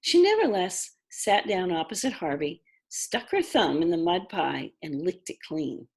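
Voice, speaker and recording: A woman narrates a children's novel in an unhurried, expressive read. Her voice has a husky, gravelly grain, and her pitch swoops widely as she tells the story. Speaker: audiobook narrator.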